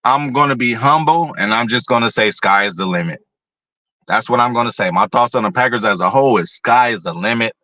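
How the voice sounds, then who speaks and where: A man's voice: on the low side, bright, forceful tone, dry recording, highs cut off. A man hosting a casual sports talk show, rambling and profane, talking to his viewers by name. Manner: talks to chat viewers by name.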